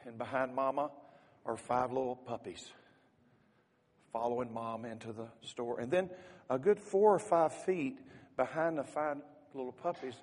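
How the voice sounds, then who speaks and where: A man's voice: medium pitch, unhurried, darkish tone, big-room sound. A man preaching a sermon as a pastor, telling a folksy story and teasing the congregation.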